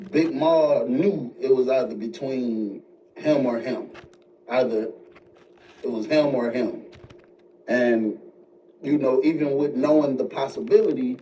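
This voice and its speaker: A man telling a story in a casual way, jumping high in pitch when he quotes other people. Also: takes it slowly, pauses often. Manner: animated retelling, jumps high when quoting others. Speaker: storyteller in played video. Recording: distant mic with faint noise.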